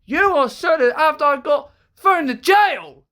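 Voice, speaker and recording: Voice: high-pitched, expressive, a little slow, fairly bright tone, pitched above the performer's own voice. A storyteller voicing a stern woman scolding someone in a homemade horror story. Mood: angry.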